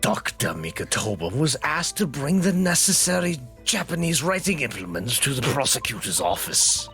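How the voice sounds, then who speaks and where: A man's voice: medium pitch, sing-song, normal speed, creaky, sharp tone, faint music behind, full character voice. A man voicing a stern male judge in a group fan dub of a game, his put-on accent slipping. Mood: formal. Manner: slips between put-on accents.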